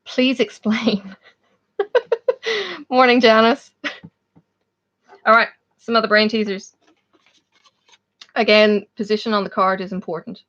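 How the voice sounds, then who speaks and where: An Australian woman hosts a livestream, chatting casually with live viewers in a rambling, easygoing way and laughing often. Her voice is a little high and a bit bright, and she speaks slowly with long pauses. The audio is slightly muffled.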